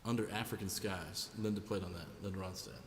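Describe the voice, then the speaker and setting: A man's voice: low voice, fairly even intonation, fairly quick, a little hiss or hum. A man hosting a live music stream, chatting casually and jokingly with viewers between songs and greeting them by name. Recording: roomy sound with long reverb. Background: guitar music.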